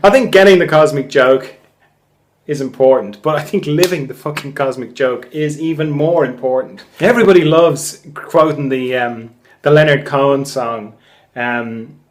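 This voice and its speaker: A man, a therapist hosting a podcast, telling a story in a relaxed monologue, laughing often and swearing casually. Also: mid-range voice, moderate pace. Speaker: podcast host; craniosacral therapist.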